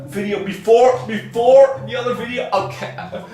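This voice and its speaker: Teasing high-voiced man in an echoey room. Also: steady tone, moderate pace, mellow, recorded from a distance. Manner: teasing, mocking, bursts into laughter. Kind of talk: casual chat. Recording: echoey room, off-mic, background music.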